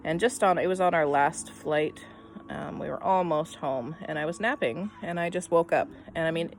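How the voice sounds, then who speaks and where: A middle-aged woman telling a personal story in a casual, rambling way, full of "um" and "I mean", often trailing off softly at the end of her thoughts. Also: low-pitched, moderate pace, a little hiss or hum. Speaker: vlogger.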